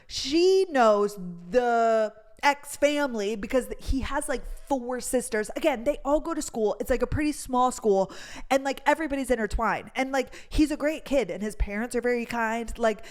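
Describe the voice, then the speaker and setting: A young woman hosting a podcast, telling a story in a chatty, animated way and saying "like" a lot. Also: on the high side, moderate pace. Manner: chatty, heavy on "like," animated retelling. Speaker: podcast host. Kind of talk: casual storytime chat.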